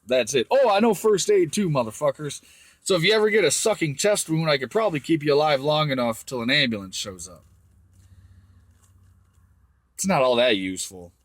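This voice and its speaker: A man's voice: a little high, expressive, fast, no echo. A man ranting crudely to young viewers, swearing constantly as he gives blunt advice. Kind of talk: profane rant to camera.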